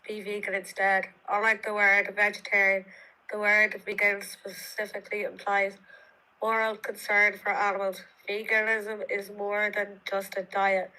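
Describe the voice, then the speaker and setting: A woman calling in to a livestream who reads aloud in a flat monotone. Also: mid-range voice, low-quality recording. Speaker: guest caller on a livestream.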